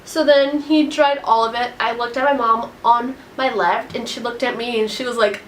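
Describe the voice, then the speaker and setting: A woman's voice: on the high side, fairly even intonation, normal speed, a little hiss or hum. A teenage girl telling a storytime vlog in a casual, rambling way, upset and full of "like". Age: teens. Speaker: vlogger.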